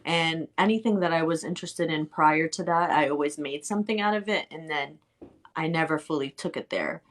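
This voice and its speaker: A woman with a lowish voice speaks as a guest in a casual live-streamed chat. She talks openly and plainly about herself, in an easy conversational way. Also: brisk. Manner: open, candid, talks freely about herself.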